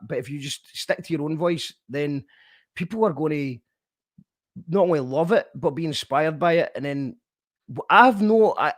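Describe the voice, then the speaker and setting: A male radio host in casual conversation, encouraging and emphatic, often restarting his sentences. His voice sits higher than most men's. The sound is close and dry, with no room around it. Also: dry recording. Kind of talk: casual interview chat.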